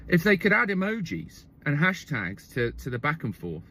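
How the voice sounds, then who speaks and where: A man's voice: fairly high pitch, wildly swooping pitch, moderate pace, hardly any pauses, sharp tone, slight background noise. A man telling a comic story in a wry monologue, often checking in with "okay?" and "right?".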